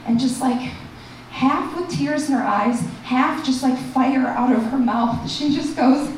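A woman performing a stand-up comedy set and hosting the show, animated and shouting her punchlines in high bursts. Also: measured pace, recorded from a distance, a little hiss or hum. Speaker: stand-up comic and festival host. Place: comedy club stage. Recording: echoey room picked up from afar.

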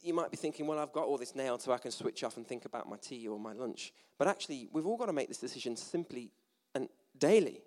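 A British preacher with a medium-pitched, slightly mellow voice delivers a sermon quickly and expressively to a gathered audience in a church hall. He keeps it chatty and self-deprecating, slipping in jokey asides.

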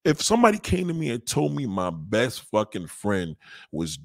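Male stand-up comic, husky, animated pitch, crude and blunt, plays the characters in his bits. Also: moderate pace, no room sound, clean studio sound. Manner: brash, crude, acts out voices of the people he describes. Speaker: stand-up comedian. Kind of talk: profane stand-up routine.

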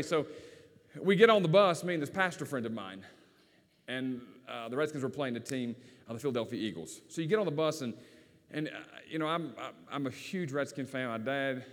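A man's voice: mid-range voice, lively intonation, fairly quick, fairly bright tone. A man with a rural Virginia accent, preaching a sermon in a folksy, storytelling way. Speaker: pastor. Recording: long hall reverb.

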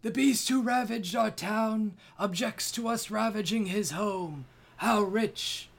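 A man voicing a vengeful older male village elder who sneers and shouts in a raised, strained voice. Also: high voice, expressive, slow, pitched above the performer's own voice, full character voice. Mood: furious.

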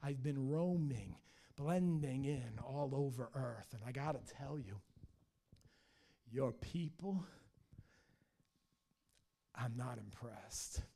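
A man's voice: mid-range voice, takes it slowly, gravelly, pauses often, mellow, slight background noise, pitched below the performer's own voice. A man voicing a whiny, groveling male devil who sulks and complains. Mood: sly boastful. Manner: whining, complaining.

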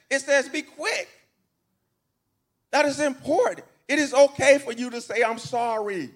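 A man with a high voice delivers a sermon in a church. He preaches in a folksy, conversational way, repeating his phrases and asking the congregation questions to draw them in. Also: fairly bright tone. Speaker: pastor. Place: church sanctuary.

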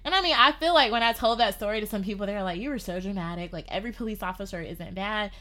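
A woman telling a personal story in casual podcast chat, animated and filling her talk with "like". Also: medium pitch, rapid-fire. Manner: animated, lots of "like". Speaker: podcast guest.

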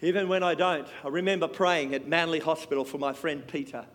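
A man preaching a sermon with passion, swinging between loud and hushed. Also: fairly high pitch, fairly even intonation, a little fast. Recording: long hall reverb.

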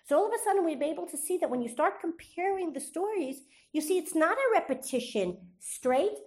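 A woman's voice: very high voice, expressive, brisk. A woman teaching a Torah class, reading Hebrew verses aloud and quizzing her students with questions she then answers. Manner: reads Hebrew verses aloud between explanations.

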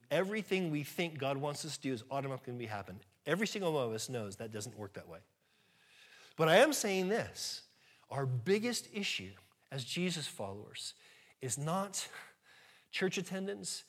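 A pastor giving an earnest, conversational sermon, his voice swelling louder at times. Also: fairly high pitch. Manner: earnest, conversational preaching with sudden rises in volume.

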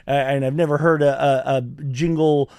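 A man's voice: a little high, fairly even intonation, normal speed, darkish tone, smooth, no room sound, clean studio sound. A man co-hosting a podcast, talking hesitantly with many stops and restarts. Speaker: podcast co-host. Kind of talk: casual chat.

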